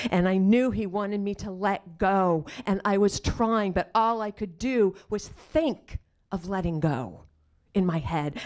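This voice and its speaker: Low-voiced woman telling a personal story. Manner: drops to hushed, near-whispered asides; slows right down on quoted questions. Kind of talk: personal storytelling before an audience. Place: live storytelling stage.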